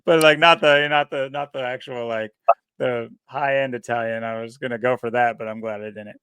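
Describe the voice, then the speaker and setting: A man's voice: mid-range voice, moderate pace, clean tone. Rambling man co-hosting a podcast. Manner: rambling, animated, laughs often. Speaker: podcast co-host. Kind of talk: casual chat.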